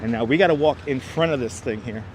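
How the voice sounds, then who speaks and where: A man's voice: medium pitch, fast, a little mellow. A man with a New York accent hosting a live walking tour outdoors, chatty and jokey, talking to his viewers on a clip-on mic. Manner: chatty, jokey, addresses the chat. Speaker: livestream host. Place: outdoors on a city waterfront. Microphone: wireless clip-on mic. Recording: outdoor street noise from wireless mic.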